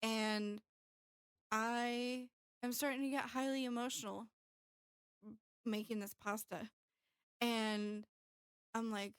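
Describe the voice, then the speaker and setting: A woman's voice: on the high side, flat delivery, slow, long pauses, clear, resonant tone, no echo, studio quality. A woman in her thirties telling a personal story candidly in casual chat, with plenty of fillers. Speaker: podcast co-host.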